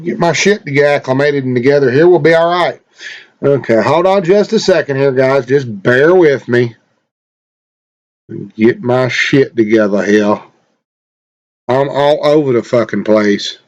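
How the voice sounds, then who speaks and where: A man's voice: medium pitch, unhurried, long pauses, highs cut off. A man streaming a game live, chatting casually and rambling to himself with plenty of profanity while he sets up.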